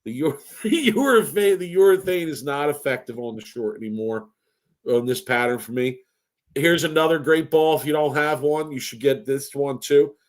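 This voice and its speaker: A man's voice: fairly high pitch, normal speed. A man co-hosting a bowling podcast in casual chat, with boastful, playful trash talk. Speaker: podcast co-host.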